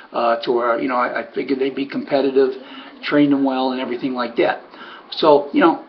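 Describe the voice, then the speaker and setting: Gravelly high-voiced man telling a story. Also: muffled recording. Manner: rambling, full of "you know" and restarts. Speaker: harness racing trainer. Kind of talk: casual spoken storytelling.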